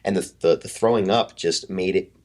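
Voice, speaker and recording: A man in his thirties with a very deep voice tells a story on a podcast. He talks casually and swears freely. He acts out what other people said. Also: normal speed. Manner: animated, swears often, acts out quotes. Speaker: podcast guest, fitness coach.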